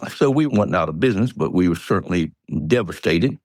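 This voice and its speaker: Folksy older Georgia man, low voice. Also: expressive, a little fast, darkish tone, dry recording, clean studio sound. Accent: Southern US, Georgia. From Georgia, USA. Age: 80s. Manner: folksy rambling storyteller, chuckles. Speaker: guest. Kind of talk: storytelling interview.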